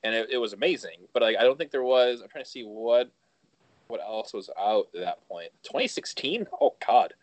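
Animated man with a lively voice. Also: fairly low pitch, normal speed, dry recording. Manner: animated, trails off and restarts, acts out quoted reactions. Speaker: podcast co-host. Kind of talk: casual chat.

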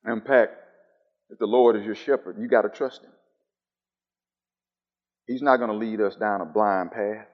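A man preaching a sermon. He swings between soft, low musing and loud, high calls, and he repeats his phrases in a steady rhythm. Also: moderate pace, long pauses, big-room sound, muffled recording.

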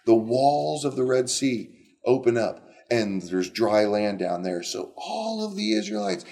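Middle-aged guy retelling bible stories, raspy low-ish voice, chatty and animated. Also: unhurried. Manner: animated, conversational, with frequent restarts. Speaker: Bible teacher. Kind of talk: casual Bible storytelling.

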